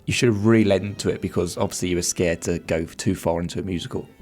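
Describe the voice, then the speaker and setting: Congested man, low voice. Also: fairly even intonation, quick pace, darkish tone, faint music behind. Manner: opinionated, rambling. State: congested nose. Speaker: podcast co-host. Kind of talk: casual chat.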